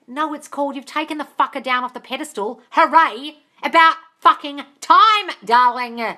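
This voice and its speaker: A woman with a high, bright voice runs a live-stream Q&A, answering viewers' comments. She is blunt and sweary, calls everyone darling, and every so often bursts into loud, excited cheers. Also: moderate pace, hardly any pauses. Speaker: manifestation coach answering live chat.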